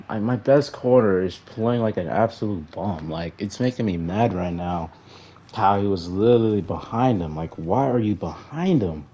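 Young gaming commentator, male, deep and dark-toned, frustrated running play-by-play of his own match. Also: moderate pace. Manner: frustrated, talks to players on screen, flat sighs between outbursts. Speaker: gaming YouTuber. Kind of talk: casual gameplay commentary.

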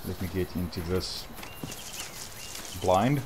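A man casually commenting on his hunting game in a soft, slightly awkward, rambling way. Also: low-pitched, expressive, slow, heavy background noise. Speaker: gaming channel host.

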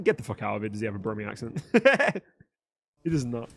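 A man's voice: medium pitch, very animated, fast talker, gravelly. A young man chatting live with his viewers while gaming, joking and swearing freely. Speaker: livestreamer. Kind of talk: live gaming stream chat.

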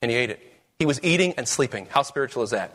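A man's voice: mid-range voice, expressive, fast, a bit bright. A man preaching a sermon as pastor, with emphatic, rising questions.

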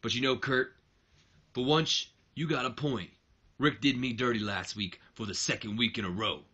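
A man's voice: medium pitch, normal speed, pushed and bright, muffled recording. A man voicing a brash male pro wrestler who talks in a curt, dismissive way.

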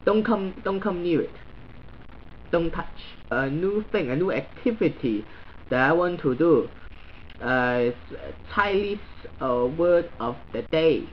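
A man's voice: fairly high pitch, animated, slow pace, muffled recording, a little hiss or hum. A man doing a crude Chinese guy with a heavy ranting style. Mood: grumbling. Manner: broken English, crude and blunt, stuttering repeats. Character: crude, blunt middle-aged Chinese man, new to social media. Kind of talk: comedic character monologue.

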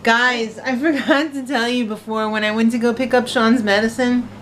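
Woman, vlogger, casual chat, animated storytelling, slightly high pitch, light background hiss. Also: moderate pace. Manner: chatty, animated storytelling with laughs.

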